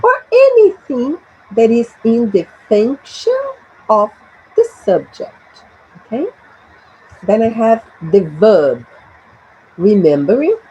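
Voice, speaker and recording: A woman's voice: medium pitch, dark tone, muffled recording, a little hiss or hum. A Brazilian woman with a Portuguese accent teaching an English grammar lesson, drilling short phrases for students to repeat.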